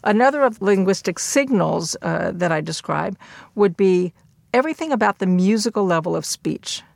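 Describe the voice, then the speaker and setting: An older woman explaining linguistics in a measured lecture, with occasional fillers. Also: mid-range voice, animated, vocal fry, no echo.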